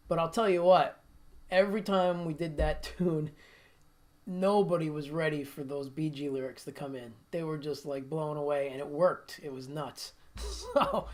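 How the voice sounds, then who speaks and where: A man's voice: on the high side, a little slow, a bit bright. A middle-aged man hosting a guitar livestream, chatting casually and telling stories with frequent laughter. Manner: chatty storyteller, laughs often.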